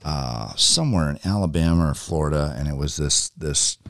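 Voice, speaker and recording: A man's voice: very deep voice, moderate pace, a bit bright, no room sound, studio quality. A middle-aged man hosting his own podcast, telling a long story in a casual, rambling way with many ums and restarts. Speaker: podcast host.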